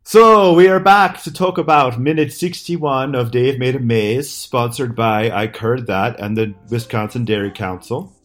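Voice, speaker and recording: A man's voice: mid-range voice, a little slow, hardly any pauses. Rambling, goofy man co-hosting a podcast. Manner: goofy, rambling, trips over his words. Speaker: podcast co-host. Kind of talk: joking casual chat.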